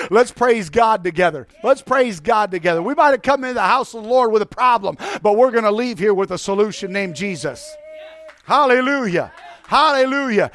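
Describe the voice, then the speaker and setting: Breaking into song as he exhorts his congregation, a pastor delivers a fervent sermon full of urgent repetition in a church sanctuary. His very high voice has a fairly bright tone, recorded without room sound.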